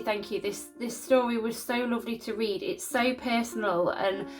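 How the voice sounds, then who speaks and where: A woman hosting a story channel, casually reading out viewer-sent ghost stories in an emotional, chatty, sympathetic way. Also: mid-range voice. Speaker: YouTube story channel host.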